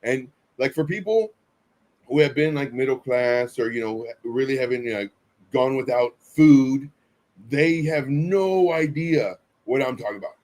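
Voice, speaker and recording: A man's voice: mid-range voice, measured pace, a little mellow. A man co-hosting a casual live stream, telling stories earnestly with many fillers and restarts. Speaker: co-host.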